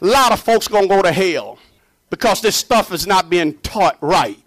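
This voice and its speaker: In his sermon, a fervent male preacher with a fairly high voice for a man swings from booming, shouted declarations to low, hushed murmurs. His intonation is lively and his speed normal.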